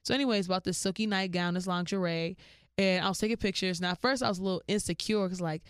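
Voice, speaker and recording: Woman podcast host telling a story, slangy and animated, smooth clear voice, dry close sound. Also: fast talker, dry recording. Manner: animated, slangy, jumps into high-pitched quoted voices. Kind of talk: casual storytelling monologue.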